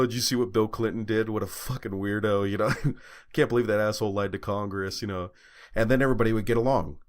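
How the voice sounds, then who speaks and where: A young man with a very deep voice co-hosts a podcast, rambling through a story. He pads his talk with fillers and throws in profanity in casual chat. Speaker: podcast co-host.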